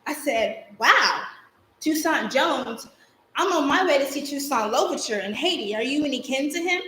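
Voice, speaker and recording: Her voice sits high and a bit bright, animated and at a moderate pace, as this young stage actor voices a spirited girl remembering her childhood. The theatrical monologue unfolds with vivid, rhythmic storytelling, recorded live on an echoey stage.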